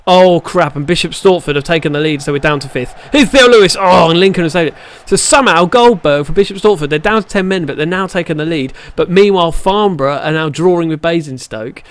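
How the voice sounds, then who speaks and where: A man giving live, excitable gameplay commentary, shouting at the match and muttering in between. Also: fairly high pitch, fast, hardly any pauses. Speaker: gaming channel host.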